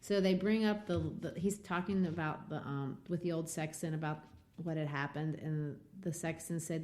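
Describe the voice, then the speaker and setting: A woman's voice: low voice, moderate pace. Woman host retelling a novel. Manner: animated retelling with many fillers. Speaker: podcast host. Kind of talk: literature podcast discussion.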